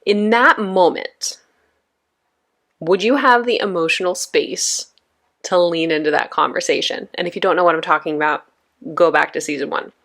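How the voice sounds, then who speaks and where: A woman's voice: on the low side, normal speed, a bit bright. A woman in her thirties hosting a podcast, talking casually and conversationally with lots of asides to her listeners. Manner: chatty, conversational, frequent "right?" and "you know". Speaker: podcast host.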